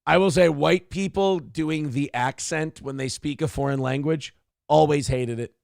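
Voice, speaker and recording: A man's voice: fairly high pitch, moderate pace, vocal fry, a little mellow, no echo, clean studio sound. A man from Minnesota hosting a casual commentary show, ranting sarcastically and swearing freely. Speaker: host.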